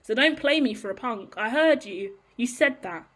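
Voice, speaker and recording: A woman's voice: fairly high pitch, expressive, moderate pace, a bit bright. A woman giving a heated, profane monologue to camera as a tarot reader, blunt and ranting.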